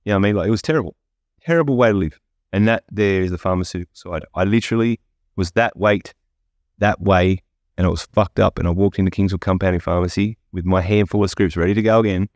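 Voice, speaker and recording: A man's voice: low-pitched, fast, no echo. A man speaking as a podcast guest, telling his story bluntly with heavy swearing. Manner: blunt, profane, candid storytelling. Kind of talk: casual podcast interview.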